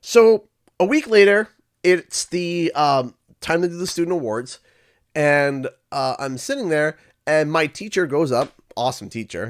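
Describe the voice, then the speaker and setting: A man from Canada tells a story on his livestream, acting out each character as he goes. His voice sits a little high and moves around a lot. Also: measured pace. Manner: animated, acts out quoted voices. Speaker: livestream host. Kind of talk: casual storytelling.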